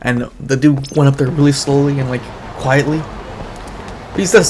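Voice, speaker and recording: A gaming streamer chats casually over his gameplay, rambling through a profane story with lots of restarts. His medium-pitched voice stays fairly even at a moderate pace, with game music and other background noise behind him.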